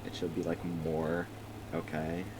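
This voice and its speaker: A man's voice: low-pitched, monotone, unhurried, noisy background. A young man casually narrating a video game he is starting, rambling, swearing and laughing often. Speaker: let's play streamer. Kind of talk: casual gameplay commentary.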